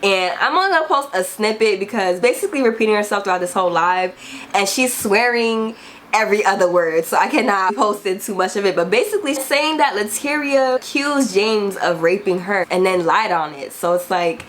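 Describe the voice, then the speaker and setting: Brief: woman, channel host, mid-pitched, chatty informal recap, faint background noise. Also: a little fast, fairly bright tone. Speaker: commentary host. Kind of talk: casual commentary.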